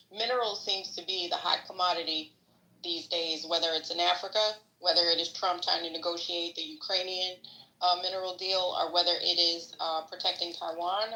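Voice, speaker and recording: A woman's voice: on the low side, bright, forceful tone, roomy sound, poor audio. A woman co-hosting a podcast, giving opinionated, salty, rambling political commentary. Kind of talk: casual political discussion.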